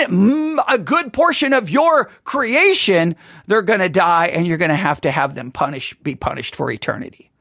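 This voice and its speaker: A man with a very high voice preaching a sermon with raw passion. He stumbles into restarts and breaks into sudden shouts. The sound is dry, recorded close with almost no room around it. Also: no echo. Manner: impassioned, stammering restarts, bursts of shouting. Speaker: pastor.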